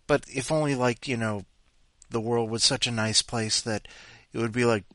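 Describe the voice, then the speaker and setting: A man's voice: medium pitch, moderate pace, a bit bright, no room sound. A man hosting a storytelling podcast, rambling casually between stories and swearing freely. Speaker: podcast host.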